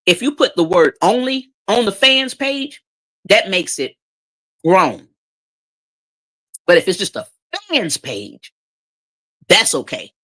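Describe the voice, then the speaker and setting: Lively, bright-voiced woman giving sarcastic commentary. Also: mid-range voice, takes it slowly, long pauses. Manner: emphatic, sarcastic, repeats points; emotional, says she cries easily. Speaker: commentary vlogger. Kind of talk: opinionated commentary.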